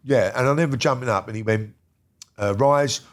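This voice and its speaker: A middle-aged man tells his story in a blunt, heated way. He swears freely and leans hard on his words. His voice sits on the low side. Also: fast, background noise. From Britain. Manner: heated, profane, emphatic storytelling. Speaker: interview guest. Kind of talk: casual storytelling.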